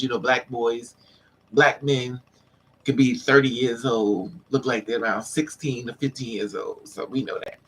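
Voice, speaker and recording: A woman vlogger telling a story in a casual, animated way, repeating lines for emphasis and acting out what men said to her. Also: rumbling low, a little hiss or hum, low-quality recording. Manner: acts out the men's lines in quotes.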